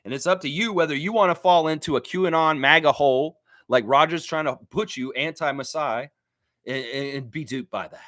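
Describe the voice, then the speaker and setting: Man, livestream host, heated animated rant, bright tense tone, dry close sound. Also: fairly high pitch, moderate pace, no echo. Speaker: sports fan show host.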